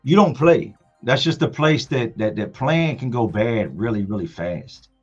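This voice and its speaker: A man's voice: mid-range voice, measured pace, slightly rough, lo-fi sound, soft background music. A man hosting a livestream, telling stories casually with slang and acting out other people's lines. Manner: animated storyteller, slangy, acts out others' lines. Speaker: livestream host.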